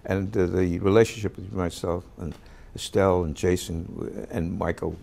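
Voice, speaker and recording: A man, an actor, telling a backstage anecdote in an interview, lively as he acts out the voices of the people in the story. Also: deep voice, moderate pace. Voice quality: gravelly, husky. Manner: animated storyteller who acts out quoted voices.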